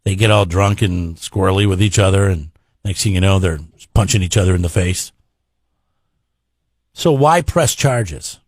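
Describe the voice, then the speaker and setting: A man's voice: sits low, moderate pace, dry recording. A man hosting a radio show, giving blunt opinions in casual banter. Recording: dry radio studio.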